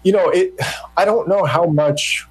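A man's voice: high-pitched, unhurried, husky, poor audio. A man who is a journalist guest on an interview, answering hesitantly with many restarts.

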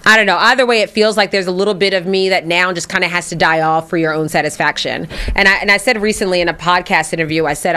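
A woman's voice: fairly low pitch, fairly even intonation, fast talker, few pauses, sharp tone. A woman hosting a radio talk show, outspoken and teasing, chatting casually with a co-host.

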